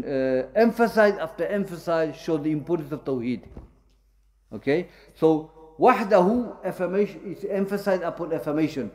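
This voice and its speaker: A man's voice: a little high, darkish tone. A man teaching a lesson, explaining points with many fillers and self-corrections and mixing Arabic terms into English. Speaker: Islamic studies teacher. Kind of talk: classroom lecture.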